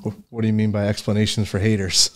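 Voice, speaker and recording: A man with a Philadelphia accent co-hosts a casual podcast. He mostly listens and drops short, easygoing replies in a somewhat low voice. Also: little pitch movement, quick pace. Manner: laid-back, short replies, laughs often. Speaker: podcast co-host. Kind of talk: casual chat.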